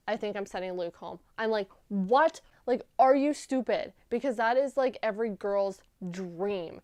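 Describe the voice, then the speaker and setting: A woman's voice: medium pitch, clean tone, dry recording. A young woman vlogger recapping a TV episode in a gushing, chatty way, full of "like"s. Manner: gushing, animated storytelling with many "like"s.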